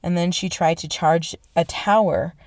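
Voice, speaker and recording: Excitable, foul-mouthed young woman storyteller. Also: on the low side, measured pace, gravelly, no echo. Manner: excitable, swears a lot, lots of "like" and "right?". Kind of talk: casual profane history retelling.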